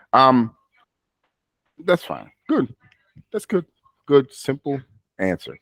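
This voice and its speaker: A man's voice: medium pitch, sing-song, slow pace, pauses often, a bit bright, dry recording, studio quality. A man tutoring a student in spoken English, patient and coaching, often stopping himself mid-sentence. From United States. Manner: patient, coaching, self-interrupting. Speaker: speaking tutor. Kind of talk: one-on-one practice session.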